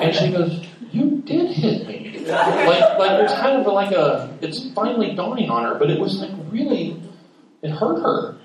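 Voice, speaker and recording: A man's voice: a little high, slight background noise. A middle-aged man preaching a sermon in a conversational storytelling way, acting out family conversations. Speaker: pastor. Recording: echoey room, mic at a distance.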